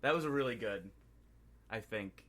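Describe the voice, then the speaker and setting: Man, deeper voice, casual podcast chat, animated retelling of film scenes. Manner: excitable scene-by-scene recap, dropping into quick impressions. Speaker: podcast co-host. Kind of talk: casual movie review chat.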